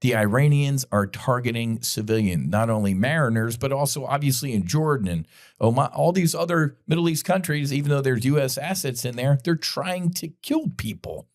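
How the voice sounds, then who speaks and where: A middle-aged man hosts a podcast in a mid-range voice with lively intonation and a moderate pace. His commentary monologue is impassioned and blunt, full of profanity and direct appeals to listeners.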